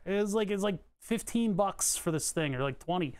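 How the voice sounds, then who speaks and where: A man's voice: high voice, expressive, normal speed, hardly any pauses, smooth, no room sound. A man live-streaming as he solders electronics, muttering to himself and answering questions from chat in a casual, rambling way.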